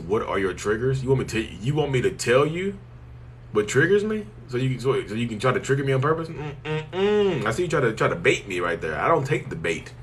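A man's voice: fairly low pitch, fairly bright tone, a little hiss or hum. A man hosting a casual live stream, answering viewers bluntly and joking with them. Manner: blunt, joking, teasing, colloquial, talks straight to viewers as "y'all".

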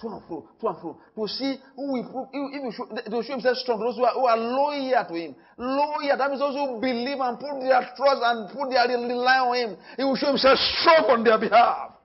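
A man with a Nigerian accent preaching a sermon in church. He talks with emphasis, repeats his phrases and swings from loud to hushed. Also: very high voice, normal speed, hardly any pauses, muffled recording. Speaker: pastor.

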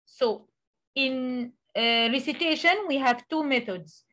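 A woman who speaks Arabic natively, teaching a tajweed lesson in English, explaining with many pauses and reciting examples. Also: sits high, pushed and bright. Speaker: Quran recitation tutor.

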